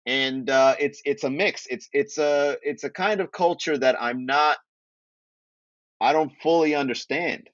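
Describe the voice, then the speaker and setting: A man's voice: fairly high pitch, measured pace, a bit bright, no echo, muffled recording. A man from Miami hosting a casual comedy livestream, joking and chatting with viewers, laughing at his own jokes. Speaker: comedy podcast host.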